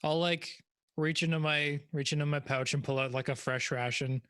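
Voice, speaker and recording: A man playing a tabletop game, relaxed and joking as he describes what his character does. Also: a little high, moderate pace, smooth. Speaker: player. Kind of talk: casual chat during a tabletop game.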